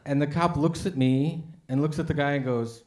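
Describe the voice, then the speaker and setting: An American man on stage doing a stand-up comedy set, with a voice that sits a bit high for a man. He talks in a loose, conversational way and slips into voices for the people in his stories. The sound bounces around an echoey café room. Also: steady tone, moderate pace, crowd noise. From United States. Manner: conversational storytelling with acted-out voices. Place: café stage with a live audience. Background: audience laughter.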